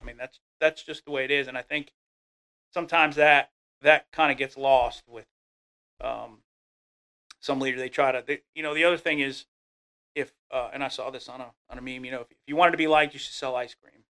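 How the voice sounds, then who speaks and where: A man's voice: mid-range voice, a little fast, clear, resonant tone. A middle-aged man in casual conversation, telling leadership stories and acting out the people he quotes. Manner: animated storyteller, acts out quoted voices. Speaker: guest speaking on leadership.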